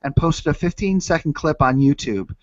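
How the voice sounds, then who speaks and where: A man's voice: a little high, lively intonation, normal speed, dry recording. A man co-hosting a casual comedy podcast, swearing freely, laughing, and reading news stories aloud with jokes. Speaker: podcast co-host. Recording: dull, dry lo-fi sound.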